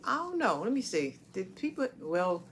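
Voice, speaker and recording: A woman's voice: medium pitch, very animated, moderate pace, a little hiss or hum. A woman on a live stream, chatting casually in a folksy, nostalgic way with many agreeing asides. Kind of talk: casual chat.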